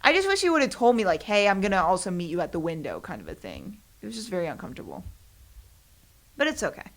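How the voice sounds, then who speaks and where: Fast and fairly low-pitched, this young woman's voice swoops wildly as she hosts her own podcast. The talk is a casual solo ramble, full of self-deprecation and frequent laughs.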